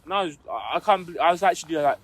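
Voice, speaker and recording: A man's voice: a little high, lively intonation, very fast, a bit bright, breathy edge. A young man, co-hosting a casual podcast and telling a school story, acting out what people said. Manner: storytelling, acts out quotes in his stories. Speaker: podcast co-host. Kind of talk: casual chat.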